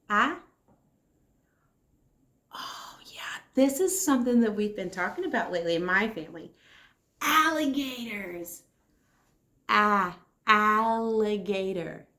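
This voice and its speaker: A woman leading a kindergarten circle time lesson, speaking slowly and encouragingly as she answers imagined children's replies. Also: medium pitch, a bit bright, echoey room. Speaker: kindergarten teacher.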